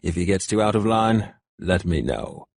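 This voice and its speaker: A man voicing a cold, mocking male warlord who speaks slowly and deliberately. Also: sits low, expressive, creaky, no room sound, studio quality, exaggerated voice.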